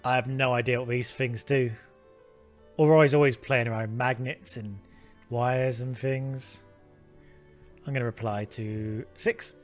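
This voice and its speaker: A man's voice: mid-range voice, fairly even intonation, unhurried, long pauses, faint music behind. A man, casually thinking aloud while playing a game. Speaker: let's play host.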